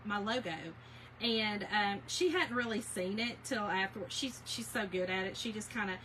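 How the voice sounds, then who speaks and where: A woman's voice: mid-range voice, moderate pace, sharp tone, slight background noise, poor audio. A woman chatting with viewers by name while she demonstrates a craft project on a livestream, with many fillers. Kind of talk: casual livestream craft tutorial.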